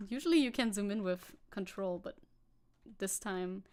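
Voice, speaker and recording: A woman's voice: mid-range voice, normal speed, darkish tone. A woman streamer giving casual sarcastic commentary as she reads posts aloud, laughing often and rambling with restarts.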